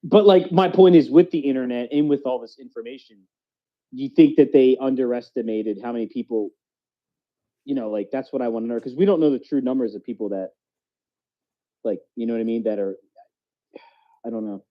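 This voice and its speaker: A man's voice: medium pitch, fairly quick, pauses often. Rambling man on lo-fi audio. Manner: rambling, loose, repeats "you know what I mean". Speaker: podcast co-host. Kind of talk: casual chat. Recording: dull lo-fi audio.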